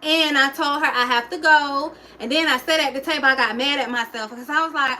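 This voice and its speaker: High, bright-voiced young woman. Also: brisk, a little hiss or hum, poor audio. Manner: emotional, chatty, talks straight to viewers. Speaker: livestreamer. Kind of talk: casual personal storytelling.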